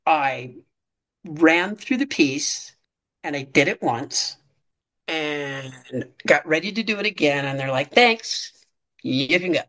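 A middle-aged woman with a slightly low-pitched voice tells a candid story from her past as a child actor. She speaks frankly and with dry wit, often breaking into brief laughs. She restarts phrases as she gathers her thoughts, in the loose rhythm of a conversational interview. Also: expressive, slow, a bit bright.

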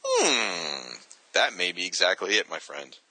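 A man's voice: deep voice, wildly swooping pitch, unhurried, pushed and bright, no echo, poor audio. A man co-hosting a casual podcast, reading listener letters aloud and chuckling at them.

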